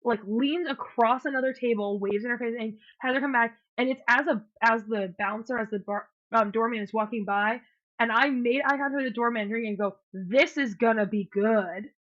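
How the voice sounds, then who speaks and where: A woman's voice: a little high, fairly quick. A woman co-hosting a podcast, telling a dating story in casual chat and acting out what people said. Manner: animated storyteller, acts out quotes, swears. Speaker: podcast co-host. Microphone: podcast mic, remote call. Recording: muffled lo-fi sound.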